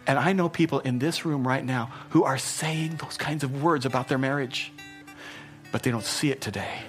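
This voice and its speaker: A male pastor in the middle of a sermon, speaking in an ordinary mid-range voice. He is earnest and drives points home by repeating phrases. His volume swings from quiet and soft to loud. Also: mid-range voice, moderate pace, faint music behind. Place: church hall.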